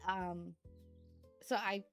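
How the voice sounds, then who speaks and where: Young woman streamer, sleepy and chatty, unhurried delivery, playful mock fury, faint music bed. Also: medium pitch, steady tone. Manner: chatty, laughing, storytelling with bursts of mock outrage. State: sleepy, yawning. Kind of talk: casual chat stream. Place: indoors at home.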